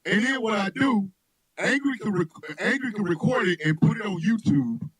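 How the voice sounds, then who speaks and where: This man hosts a radio show and spins rambling comic stories in a high voice that swoops up and down. He laughs a lot and shouts whenever a story peaks. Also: moderate pace, a crowd in the background, poor audio. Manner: loud, laughing, animated storyteller who shouts punchlines. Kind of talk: loose comedic chat with storytelling.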